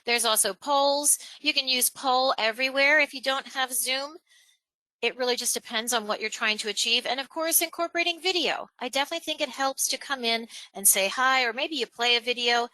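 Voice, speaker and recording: A woman presenter leads a virtual training session on a video call, talking energetically and putting emphasis on her key points. Her voice sits a little high and bright, and the close mic sounds dry. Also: moderate pace, no room sound, rough recording. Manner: energetic, emphatic, varies tone and pace on purpose. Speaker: webinar presenter.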